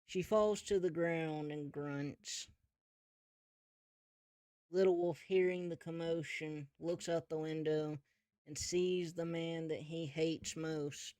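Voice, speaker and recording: A male game master narrating a tabletop role-play, relaxed and unhurried. He tells the story casually and adds asides to the players. The recording is dry and close. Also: on the high side, clean tone, dry recording.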